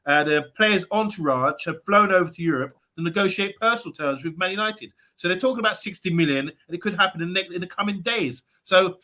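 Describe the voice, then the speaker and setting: Casual podcast host, male, bright voice, halting delivery with fillers. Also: high-pitched. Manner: hesitant, many fillers. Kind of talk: casual football podcast chat.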